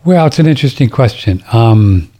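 A man's voice: mid-range voice, lively intonation, normal speed, warm tone. A middle-aged man hosting a talk radio show, rambling and indignant, often restarting his sentences. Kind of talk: casual talk radio monologue.

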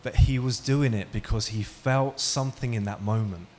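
This clip has a man giving an engaging talk to an audience in a hall, mixing stories with questions for the crowd. He speaks at normal speed in a mid-range, slightly mellow voice, with a little background noise.

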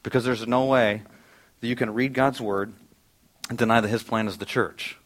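A middle-aged pastor preaching a conversational sermon in a church auditorium, asking the congregation questions. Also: male voice, medium pitch, fairly even intonation, normal speed.

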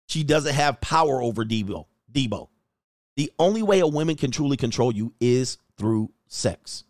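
A man's voice: mid-range voice, no echo, studio quality. A man coaching in a blunt, crude motivational monologue, with short phrases he repeats for emphasis. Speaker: dating and life coach.

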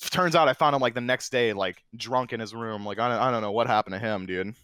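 A man guesting on a podcast, telling a competitive gaming story in a casual, animated way that gets loud and excited. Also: mid-range voice, fast talker, smooth, no echo. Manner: excitable, animated storyteller who drifts into shouting. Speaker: guest, former console champion.

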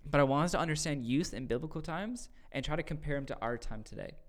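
A man hosting a casual faith discussion, explaining a scripture passage earnestly and acting out quoted voices in loud bursts. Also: on the high side, fast. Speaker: podcast host teaching scripture.

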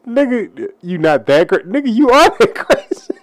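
A man's voice: high voice, big pitch swings, slight background noise. A man co-hosting a podcast, reacting and teasing in casual banter. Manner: teasing, quick reactions, laughs. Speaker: podcast co-host.

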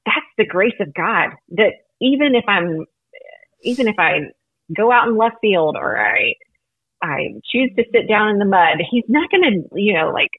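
A woman's voice: mid-range voice, animated, moderate pace, husky, no room sound. A woman guest in a faith-based podcast conversation, talking in an earnest, reflective, storytelling way over a call line. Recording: tinny phone line.

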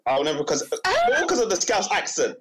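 High-voiced man with clicky background noise. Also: huge pitch swings, moderate pace. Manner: laughing, stammering restarts. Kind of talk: casual football banter.

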